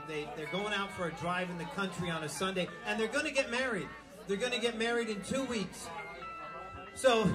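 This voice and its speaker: A man telling crude jokes in a rambling live stand-up set. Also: sits high. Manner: rambling, crude, loose storytelling. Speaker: stand-up comedian. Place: small live venue with music. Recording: live club recording with crowd and music. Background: music and audience noise.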